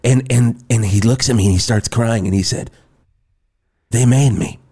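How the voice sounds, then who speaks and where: A man hosting an improvised comedy radio show, telling rambling deadpan stories. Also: medium pitch, a little fast, slightly rough. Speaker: radio host.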